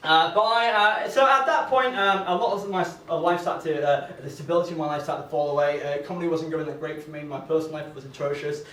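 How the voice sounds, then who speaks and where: A man's voice: on the high side, steady tone, fast, hardly any pauses, fairly bright tone, slight background noise. A young man from Northern England performing a rambling, self-deprecating stand-up comedy set on a venue stage, with lots of stammered restarts. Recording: roomy, distant mic with faint venue ambience.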